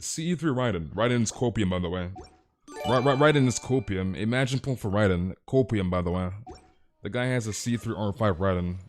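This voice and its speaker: A man streaming a game live, chatting casually with playful, teasing banter and calling viewers dude. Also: lowish voice.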